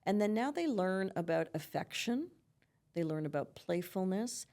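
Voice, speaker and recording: A woman's voice: mid-range voice, very animated, normal speed, warm tone. A middle-aged woman, a psychotherapist giving earnest advice in a conversational podcast interview, peppering her talk with "you know" and "right?". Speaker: psychotherapist guest.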